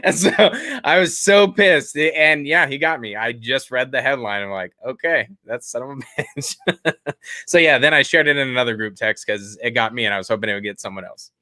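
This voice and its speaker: A man telling a self-deprecating story in a casual podcast chat, laughing often along the way. His voice is bright and forward, recorded dry and close. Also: medium pitch, fairly quick, hardly any pauses, dry recording. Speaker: podcast co-host.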